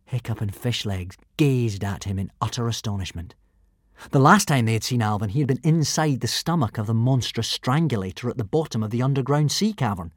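A man narrating a children's adventure audiobook in an expressive, animated reading. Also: mid-range voice, brisk, dry recording, clean studio sound. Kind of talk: storybook narration.

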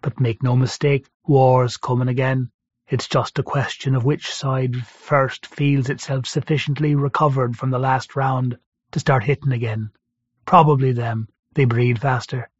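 A man reading the part of a gruff, talkative prisoner who jokes grimly, in a dull lo-fi recording. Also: mid-range voice, little pitch movement, unhurried, dry recording. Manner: blunt, grimly joking. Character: gruff seasoned male sailor-prisoner, talkative and wry.

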